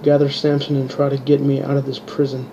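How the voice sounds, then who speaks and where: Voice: mid-range voice, completely flat delivery, a little fast, gravelly, dark tone, slight background noise, lightly acted. A man voicing an imprisoned wizard sending an urgent distant message, in a dull lo-fi recording.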